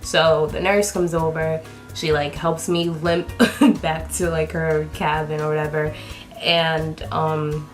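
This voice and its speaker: A woman vlogger telling a storytime with animated, chatty delivery, full of fillers, acting out the people in it. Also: low voice, takes it slowly, soft background music. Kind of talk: storytime vlog.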